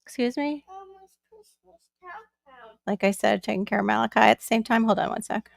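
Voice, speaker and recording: At home with her young son nearby, a talkative woman runs a relaxed live stream, drifting from topic to topic and greeting viewers one at a time. Her mid-range voice is gravelly and creaky, with little pitch movement and a quick pace. The recording sounds close and dry, with no room echo.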